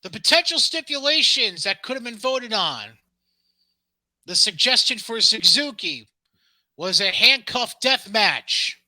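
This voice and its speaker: A man's voice: high-pitched, measured pace, no room sound. A man co-hosting a casual wrestling podcast, profane and teasing as he runs through the news. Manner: profane, teasing, lively storyteller. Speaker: podcast co-host.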